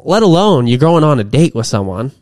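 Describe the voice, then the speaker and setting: A man's voice: medium pitch, sing-song, a little fast, darkish tone, no room sound, clean studio sound. A young man co-hosting a podcast, talking casually in a rambling way with many restarts. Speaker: podcast co-host. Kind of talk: casual chat.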